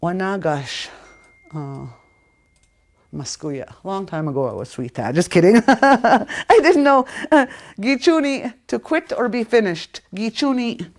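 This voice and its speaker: A woman teaching a language lesson in a casual way, repeating words slowly and stressing them strongly. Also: medium pitch, lively intonation. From Canada.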